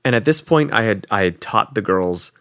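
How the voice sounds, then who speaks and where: A young man tells a story on a podcast in an easy, loose way, full of "like" and casual swearing. His voice sits a bit low, and it jumps up sharply whenever he acts out someone else. The recording is close and dry. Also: normal speed, dry recording. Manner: animated, acts out quoted people with jumps in pitch. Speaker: podcast co-host.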